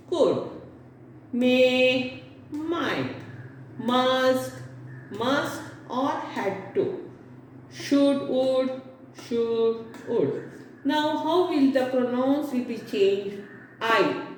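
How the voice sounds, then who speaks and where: A woman teaching an English grammar lesson, explaining step by step and checking in with "okay?" as she goes. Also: sits high. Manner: explains step by step with many "now see" and "okay?". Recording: very echoey room with faint hiss.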